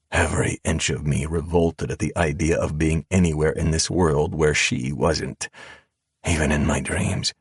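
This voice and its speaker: A man narrating a first-person audiobook in a calm, cold drawl. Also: rumbling low, breathy edge, dry recording, studio quality.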